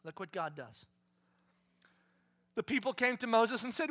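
A middle-aged man preaching a sermon, animated, acting out quotes with raised and shouted voices. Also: very high voice, unhurried. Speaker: pastor.

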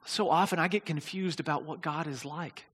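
A man preaching a sermon, telling a story in an animated way and often restarting and repeating words, with his voice rising to near shouting at the big moments. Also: a little high, moderate pace, husky, big-room sound. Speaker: pastor.

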